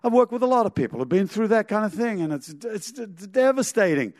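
A man's voice: high-pitched, very animated, a little fast, a little mellow, no room sound. A man preaching a sermon, telling a story animatedly with sound effects and chuckles.

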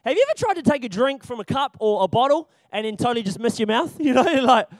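Speaking quickly in a strikingly high voice, a young man delivers a church training talk about children's ministry. He jokes, laughs a lot, stays animated, and drives his key points home through repetition. The close, dry recording has no echo or room sound.

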